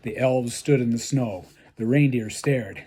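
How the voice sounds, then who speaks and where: Husky-voiced man reading a story deadpan. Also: mid-range voice, a little slow. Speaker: author reading his own story. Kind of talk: read-aloud storytelling.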